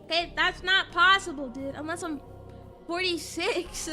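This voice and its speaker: A woman with a very high, bright voice chats her way through a game stream. She rambles and pokes fun at herself, breaking into laughter often, with soft music in the background. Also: a little slow. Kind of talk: casual game stream commentary.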